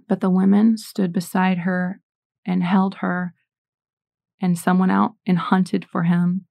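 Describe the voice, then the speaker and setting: Woman in her forties, Catholic speaker, earnest storyteller, low gravelly voice, dry close sound. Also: little pitch movement, slow pace, mellow, no room sound. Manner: earnest storytelling, reads scripture aloud. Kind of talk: faith talk with personal stories.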